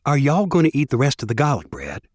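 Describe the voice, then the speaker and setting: A man's voice: medium pitch, huge pitch swings, quick pace, no room sound, clean studio sound. A man voicing a blunt young man in his late twenties with a Southern accent, speaking serenely in an audiobook. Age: late 20s. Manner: serene, then frankly scolding.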